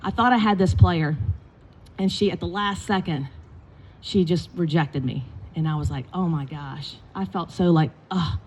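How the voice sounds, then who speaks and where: Animated woman telling coaching stories. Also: on the low side, normal speed, a little hiss or hum. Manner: animated storytelling with acted quotes. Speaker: basketball coach. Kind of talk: eulogy with storytelling. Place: indoors at a funeral gathering.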